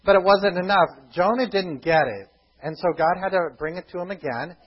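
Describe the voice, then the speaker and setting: A man preaching a sermon, retelling a story with lively acted-out thoughts and questions to the congregation. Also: sits high, brisk, breathy edge, muffled recording. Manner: animated storytelling, acts out the characters' thoughts.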